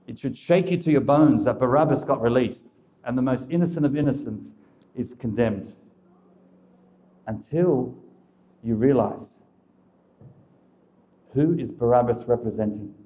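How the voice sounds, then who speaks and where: A man's voice: medium pitch, measured pace, pauses often, mellow. A man giving a preaching talk to a live audience, emphatic and repetitive, addressing listeners directly. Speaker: speaker of a religious talk.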